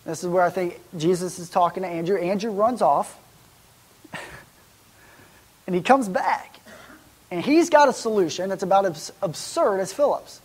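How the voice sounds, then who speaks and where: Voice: medium pitch, a little slow, pauses often, darkish tone, husky. A pastor preaching a sermon in a church, in a conversational way that wonders aloud and asks rhetorical questions.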